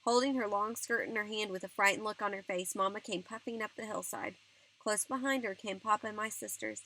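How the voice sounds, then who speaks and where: A woman narrating a novel as an audiobook reader, in a gentle, earnest storytelling manner. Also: medium pitch, lively intonation, a little fast, poor audio.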